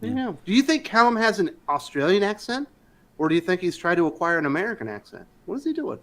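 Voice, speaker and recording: Lively high-voiced host reading comments. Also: male voice, quick pace. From Pennsylvania. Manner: reads out comments, curious, joking. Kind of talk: casual live-stream chat.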